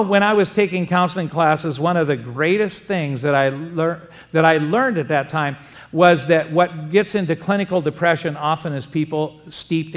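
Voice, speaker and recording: A middle-aged pastor delivering a conversational sermon, asking his congregation for amens. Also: on the high side. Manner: conversational preaching with call-and-response amens. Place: church sanctuary. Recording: long church reverb.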